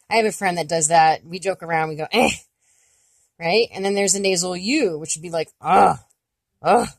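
A woman teaching a casual language lesson in a dry, close sound with no room echo. She talks in a relaxed, chatty way and often stops to model sounds out loud. Her pitch sits at an ordinary middle height. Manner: relaxed and chatty, with many fillers and playful demonstration sounds.

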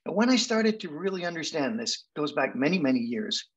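Older man, 70s, Canadian accent, husky voice, wry storyteller guest speaker. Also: a little high, sing-song, brisk, poor audio. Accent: Canadian English. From England. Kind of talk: storytelling talk.

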